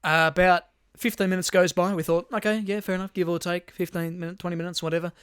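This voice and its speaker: Young aussie bloke rambling through a story, bright slightly high voice, dry close mic. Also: male voice, little pitch movement, quick pace, clear, resonant tone, no echo. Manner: rambling storyteller, lots of swearing and restarts. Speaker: podcast co-host. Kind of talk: casual chat.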